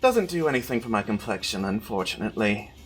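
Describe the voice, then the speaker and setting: A man's voice: on the low side, sing-song, fast, faint music behind, pitched below the performer's own voice. A man voicing a huge, vain female villain in a tabletop game, purring and mocking. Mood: smug.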